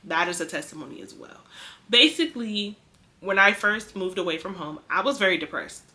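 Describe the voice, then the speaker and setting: A young woman from the Bay Area casually telling a personal testimony, chatty and animated, acting out what people said. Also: medium pitch, a little fast. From San Francisco Bay Area. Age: young adult. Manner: chatty, animated, acts out quoted speech. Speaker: vlogger sharing a testimony.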